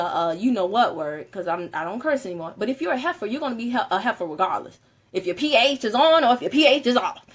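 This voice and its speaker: A woman giving a casual motivational talk on a live stream, animated and laughing often, moving between soft and loud. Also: medium pitch.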